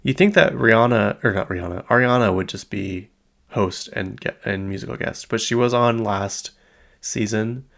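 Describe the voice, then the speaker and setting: A young man in his late twenties hosts a solo pop-culture chat, rambling and chatty with plenty of fillers. His voice sits low with a gravelly, fry-heavy edge. He talks loosely and unscripted, as if thinking aloud. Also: normal speed, a bit bright. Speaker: podcast host.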